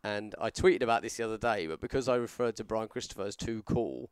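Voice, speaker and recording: A man's voice: lowish voice, fast talker, clean tone, dry recording, studio quality. A man co-hosting a podcast, a wrestler, telling long rambling stories in casual chat and perking up when he quotes people. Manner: rambling storyteller, animated when quoting others.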